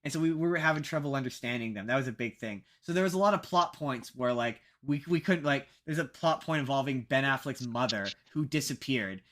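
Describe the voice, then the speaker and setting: A man's voice: medium pitch, fairly quick, few pauses, a bit bright. A young man co-hosting a casual podcast, rambling and poking fun at himself, with lots of fillers and restarts. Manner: rambling, self-mocking, many fillers and restarts. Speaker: podcast co-host.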